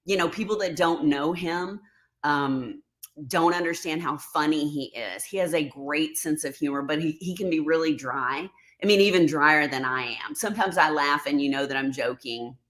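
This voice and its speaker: A woman's voice: deep voice, moderate pace, fairly bright tone. A middle-aged woman hosting a casual livestream, reading out viewer comments and talking openly, getting emotional at times. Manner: emotional, sarcastic, reads out chat comments. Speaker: livestream host.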